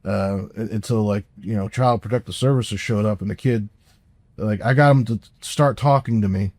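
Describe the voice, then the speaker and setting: A man with a low, warm, mellow voice tells a story on a podcast. His talk is loose and rambling, full of restarts and casual swearing. The sound is dry and close. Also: moderate pace, no echo. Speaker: podcast co-host.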